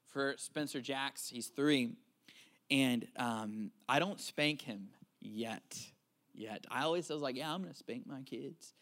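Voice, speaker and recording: A man's voice: medium pitch, fairly bright tone. A man in his thirties preaching a conversational sermon in church, joking and asking the congregation questions. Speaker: pastor. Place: church service.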